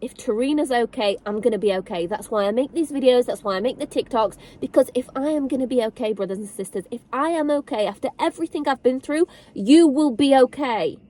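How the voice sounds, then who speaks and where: A woman talking to camera in an earnest, direct way, repeating rhetorical questions to her listeners and slowing down on key lines. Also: sits high, animated, dark tone. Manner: slow and deliberate on key lines. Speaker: online faith and relationship advice creator. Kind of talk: heartfelt personal talk to camera.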